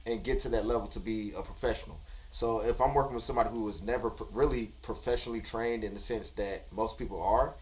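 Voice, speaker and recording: A man's voice: on the low side, fairly even intonation, fast, darkish tone, far from the mic. A man in a recording studio speaking earnestly as a producer and guest, explaining his approach at length. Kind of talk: casual chat.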